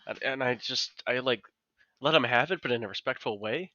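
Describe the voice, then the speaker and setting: A man co-hosting a casual podcast, telling animated work stories and swearing freely. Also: mid-range voice, brisk, dry recording, dull audio. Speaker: podcast co-host. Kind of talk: casual chat.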